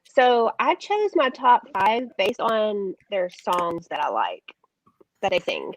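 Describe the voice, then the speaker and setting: A woman's voice: medium pitch, very animated, slow pace, dry recording, poor audio. A woman in a casual chat, easygoing and laughing at her own stories.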